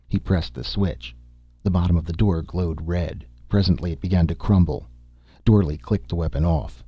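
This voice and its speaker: A man reading a science-fiction story aloud in a steady, even narration. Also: low-pitched, normal speed, breathy edge, dry recording, muffled recording, faint music behind. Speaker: audiobook narrator. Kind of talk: scripted narration.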